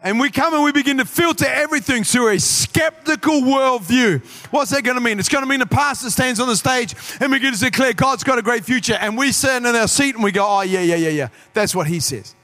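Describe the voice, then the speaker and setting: A man preaching a sermon as pastor, building to shouted peaks and slipping into quick acted asides. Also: extremely high pitch.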